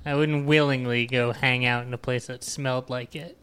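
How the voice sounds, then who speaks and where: A man's voice: medium pitch, fairly even intonation, moderate pace, sharp tone, clean tone. A man co-hosting a podcast, adding brief reactions and asides. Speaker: podcast co-host. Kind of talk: casual chat.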